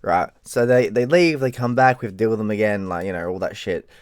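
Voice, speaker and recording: A man's voice: fairly quick, no echo, studio quality. A tired Australian man telling a rambling story in a casual vlog, swearing freely. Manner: rambling, swears freely, mimics people in high voices. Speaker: vlogger.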